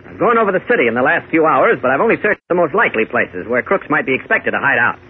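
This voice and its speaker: A man's voice: a little high, sing-song, quick pace, husky, exaggerated voice. Superman, earnest and heroic. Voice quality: earnest, commanding. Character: steady, heroic male reporter and superhero. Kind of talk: 1940s radio acting. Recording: tinny old radio recording with faint music.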